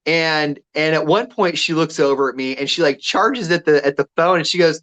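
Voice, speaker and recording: A man's voice: on the high side, moderate pace, a bit bright. A man co-hosting a radio show, telling a story casually and acting out the quotes with energy.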